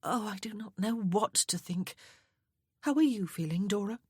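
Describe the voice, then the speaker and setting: A woman reading as an impulsive, earnest young woman, voice a little raised above her narration, slightly husky. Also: medium pitch, normal speed, a little mellow, no echo, studio quality, voice pushed up, close to an everyday voice. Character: young woman, newly wed, emotional, affectionate.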